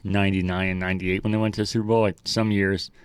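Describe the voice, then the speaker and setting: A man co-hosting a casual gaming podcast, talking in a relaxed, hesitant way. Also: low-pitched, fast talker, clean tone, dry recording, clean studio sound. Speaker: podcast co-host. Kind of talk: casual chat.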